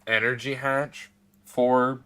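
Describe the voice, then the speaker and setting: A man streams himself playing a computer game, muttering and rambling in casual commentary, with occasional hiccups through the session. His medium-pitched voice is flat and slow, sounding pushed and bright but smooth.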